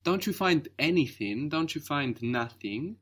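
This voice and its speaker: Patient, slow-speaking male language teacher. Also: a little high, lively intonation, fairly bright tone, slightly rough. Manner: patient, explains slowly and models words carefully. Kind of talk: spoken language lesson.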